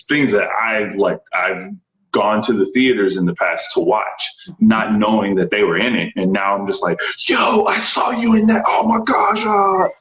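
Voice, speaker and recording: Excited low-voiced man from Texas. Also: roomy sound, low-quality recording. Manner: animated, enthusiastic, frequent laughs and quoted voices. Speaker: stunt performer, interview guest. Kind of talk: casual storytelling interview.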